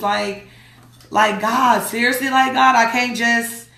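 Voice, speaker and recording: A woman's voice: on the high side, a little slow, pushed and bright, echoey room. A woman hosting a radio show, reading a newsletter aloud in a chatty, emphatic way and talking back to her listeners. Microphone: streaming mic.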